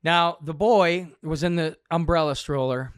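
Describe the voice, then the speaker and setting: A man's voice: fairly high pitch, unhurried, smooth, dry recording, studio quality. A man, a comedian, telling a funny story in a backstage podcast chat, laughing as he goes. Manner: animated, laughs through his telling. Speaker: comedian guest.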